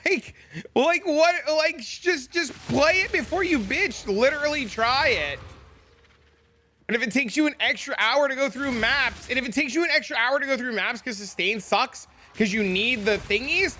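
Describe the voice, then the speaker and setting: A man's voice: very high voice, normal speed, pushed and bright, slight background noise. A young man streaming a game live, chatting with viewers and ranting profanely about fellow players. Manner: profane, ranting, reacts to chat. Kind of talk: live stream chat while gaming.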